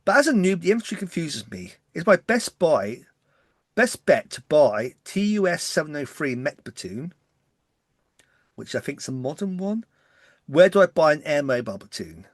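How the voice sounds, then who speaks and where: English man with a light West Country accent, co-host, quick and excitable, dry close sound. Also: a little high, no room sound. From West Country, England. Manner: fast-talking, excitable. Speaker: podcast co-host. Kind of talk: casual chat.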